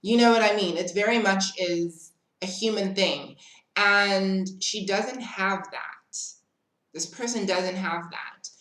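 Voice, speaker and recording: A woman's voice: lowish voice, echoey room, low-quality recording. A young woman telling a dramatic story in a casual, chatty way, full of "like". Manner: animated, dramatic storytelling with lots of "like". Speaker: vlogger.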